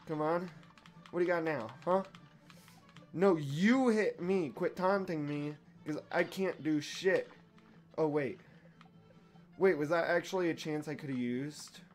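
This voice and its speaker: A young gaming YouTuber with a voice on the high side gives casual let's-play commentary. He's profane and excitable, trash-talking the boss and yelling whenever he wins or loses.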